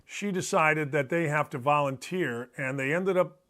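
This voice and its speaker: High-voiced blunt male sports host. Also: moderate pace, fairly bright tone. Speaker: sports talk show host. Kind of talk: casual sports chat.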